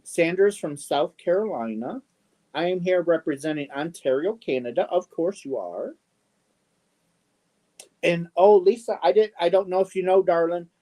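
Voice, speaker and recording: A middle-aged man hosts a casual live stream and reads viewer comments aloud. His voice sits a little high, and he speaks very slowly. He pauses often with ums and adds fond little asides. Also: warm tone. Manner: slow, halting, many ums, affectionate asides.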